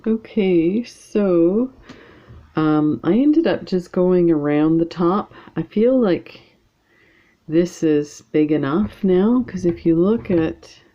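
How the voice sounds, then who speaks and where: A beading channel host from Canada talks to viewers as she works on a home beading project, in a rambling, chatty style packed with fillers. Her fairly low, dark-toned voice is expressive and unhurried, and the audio is dull.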